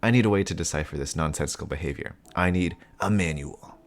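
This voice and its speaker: In a comic reading with voices, a man plays a stern male spy posing as a father, delivering an annoyed, clipped, earnest inner monologue. The voice sits low and close to his everyday one, at a quick pace.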